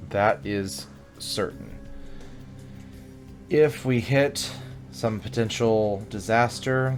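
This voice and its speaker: Male gaming host, low voice, chatty and joking, soft game music underneath. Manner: chatty, joking, reads game text aloud. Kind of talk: let's play commentary.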